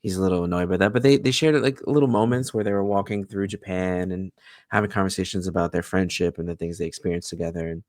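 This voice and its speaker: A man's voice: sits low, fairly even intonation, fast talker, darkish tone, no room sound, clean studio sound. A man co-hosting a casual TV recap show, steadily retelling the plot with fillers like "you know". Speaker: podcast co-host.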